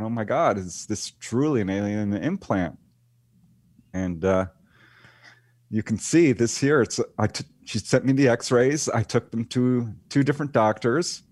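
A man's voice: medium pitch, dry recording. A man being interviewed as a guest, telling a case story casually and acting out the voices of the people in it. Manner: animated retelling, acts out quoted voices. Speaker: guest author and UFO researcher.

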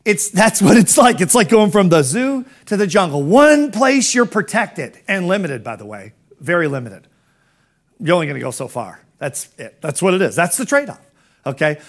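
A man's voice: sits high, sing-song, moderate pace. A middle-aged man giving a motivational business talk as a coach, firing rhetorical questions in an emphatic, conversational way.

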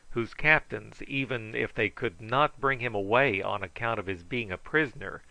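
A man reading a first-person adventure story aloud in a measured, plain storytelling manner. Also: mid-range voice, sharp tone, dry recording, poor audio. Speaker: audiobook narrator.

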